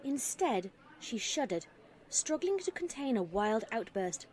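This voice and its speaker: A woman narrating a fan fiction story in an even storytelling manner. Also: on the high side, measured pace.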